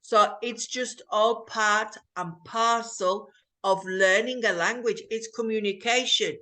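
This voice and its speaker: A woman from England, a teacher chatting slowly and carefully over a video call. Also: medium pitch, steady tone, sharp tone. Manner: slow, careful, explanatory. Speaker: English teacher, host. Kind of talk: casual conversation on a video call.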